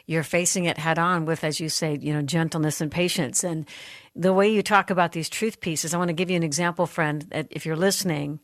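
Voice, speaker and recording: Lower-voiced woman radio host. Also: no echo, studio quality. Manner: warmly affirming, addresses listeners. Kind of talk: conversational interview.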